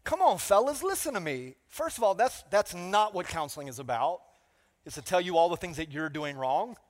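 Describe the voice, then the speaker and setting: High-voiced preacher in an echoing sanctuary. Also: male voice, moderate pace. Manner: energetic, call-and-response, playful asides. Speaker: pastor. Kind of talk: sermon.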